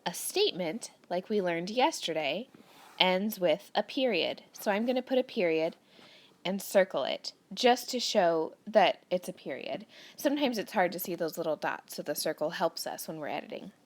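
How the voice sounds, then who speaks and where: A woman's voice: lowish voice, animated, moderate pace. A woman teacher patiently talking young students through a grammar worksheet, reading the sentences aloud and explaining each step. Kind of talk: recorded grammar lesson for children.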